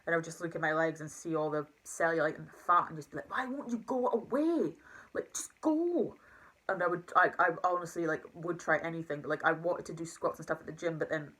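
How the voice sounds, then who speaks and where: Young woman vlogger, low bright voice, rushed confessional rambling. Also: little pitch movement, low-quality recording. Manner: rambling, emotional, full of fillers and restarts. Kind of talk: casual confessional talk to camera.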